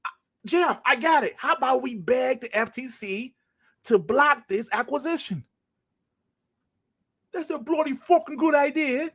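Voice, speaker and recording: A man putting on a fake British accent, high and loud. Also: lively intonation, measured pace, pauses often, husky, full character voice. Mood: mocking.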